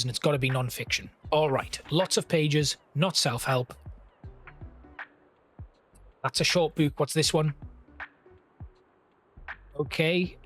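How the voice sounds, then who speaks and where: A man giving casual gameplay commentary, chatting and thinking aloud as he plays and reads game text. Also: on the high side.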